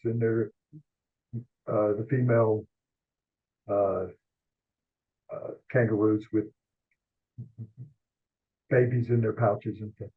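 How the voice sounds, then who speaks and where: Older male columnist guest, husky voice, animated rambling storyteller, phone-quality audio. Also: mid-range voice. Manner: animated rambling anecdotes, quick asides. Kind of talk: storytelling interview. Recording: tinny phone-like line.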